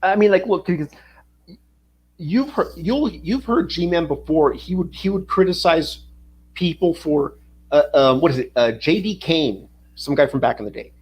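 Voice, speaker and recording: A man's voice: fairly high pitch, expressive, a little slow, slightly rough. A man in casual chat who mostly agrees and backs up the other speaker with loose replies. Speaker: co-host.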